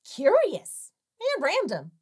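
A woman's voice: extremely high pitch, wildly swooping pitch, slow, a little mellow. A woman hosting a comedic film review, narrating with sarcastic, jokey asides. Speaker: film reviewer and show host.

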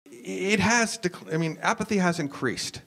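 An American university professor speaking on a panel, explaining at length with frequent "um"s and restarts. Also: male voice, high-pitched, expressive, a little slow, gravelly, fairly bright tone. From United States. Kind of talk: lecture-style discussion.

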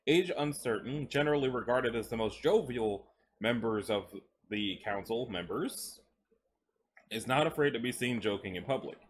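A man's voice: medium pitch, expressive, normal speed, a little hiss or hum. A man casually reading stories aloud while chewing gum, breaking off into chatty asides and stumbling over words. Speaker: story reader.

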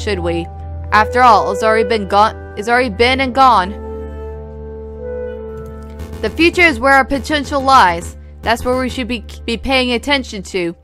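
Lady doing a smooth sly fox investigator, kinda dramatic, slow and suave. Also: a little high, lightly acted.

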